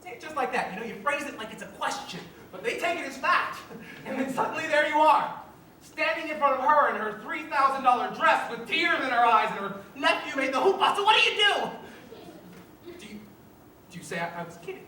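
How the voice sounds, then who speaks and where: A confiding stage narrator, bright and lively, in a very echoey hall. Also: male voice, very high-pitched, a little fast, slight background noise, exaggerated voice. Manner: confiding, chatty aside to the audience. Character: wistful middle-aged man, musical fan narrator. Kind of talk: live stage musical, direct address. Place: school theater stage. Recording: very echoey hall, distant mic.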